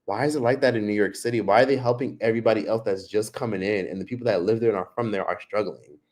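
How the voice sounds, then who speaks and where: A man with a fairly low voice rants on a casual livestream. He talks straight at his viewers, swearing freely and going off on tangents in a loose, unscripted way. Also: quick pace, darkish tone. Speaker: livestream host.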